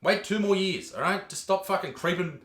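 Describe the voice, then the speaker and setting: A man with an Australian accent ranting crudely and excitably as a comedian host reacting to clips, swearing often. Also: sits high, a little fast, echoey room.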